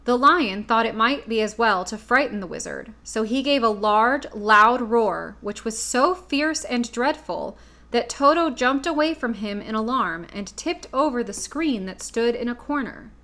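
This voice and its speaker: A woman from the US Midwest narrates a classic children's story in a steady, clear reading voice. Her voice sits a little on the high side. She reads at an even storytelling pace. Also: a little slow. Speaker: audiobook reader.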